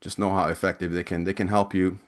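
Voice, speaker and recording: A man's voice: low voice, flat delivery, fast. A man, an ex-recruiter, hosting a webinar Q&A over a video call and reading audience questions aloud, loose and chatty with many restarts. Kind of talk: casual Q&A from chat.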